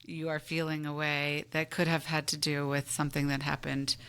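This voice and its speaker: A woman hosts a podcast conversation with a smooth, clear voice. Her voice sits a bit low, and she sums up what her guest says in a gentle, affirming way. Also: monotone, normal speed. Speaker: podcast host. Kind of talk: conversational interview.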